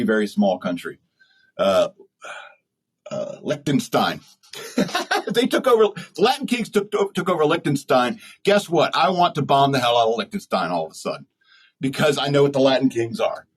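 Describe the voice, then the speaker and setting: Blunt rambling man, husky voice. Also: medium pitch, poor audio. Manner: blunt, rambling, laughs at his own jokes. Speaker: podcast host. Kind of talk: opinionated solo talk.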